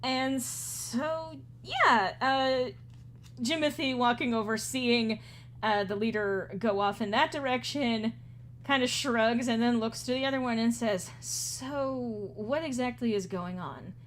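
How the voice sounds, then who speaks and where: A woman narrating a tabletop game as game master, casual and halting with fillers. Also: a little high, steady tone, a bit bright, slight background noise.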